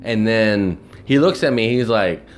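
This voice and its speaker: A low-pitched man rants through a storytime about work, his voice swinging widely as he gets worked up. He swears constantly and slips into the voices of the people he is quoting, sounding exasperated throughout. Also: unhurried, faint music behind. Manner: animated, mimics people in quotes. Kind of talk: casual storytime rant.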